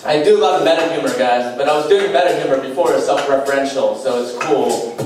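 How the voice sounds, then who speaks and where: A young man doing a stand-up comedy set, delivering deadpan one-liners with self-deprecating asides on a small club stage. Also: fairly high pitch, fast, crowd noise. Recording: echoey club heard from far off. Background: faint beatbox and room noise.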